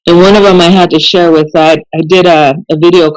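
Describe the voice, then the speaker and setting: A woman, a police officer, telling stories in a casual podcast conversation, chatty and animated and laughing often. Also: lowish voice, a little fast, no echo, low-quality recording.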